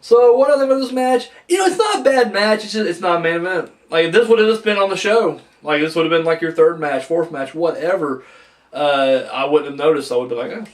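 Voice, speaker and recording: A man reviews casually in a slightly higher voice, rambling with plenty of fillers and blunt swearing. His voice sits a bit back from the microphone, so it sounds a little distant. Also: lively intonation, brisk. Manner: rambling, frank, swears freely, many fillers. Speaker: wrestling reviewer. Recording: voice a bit far from the mic.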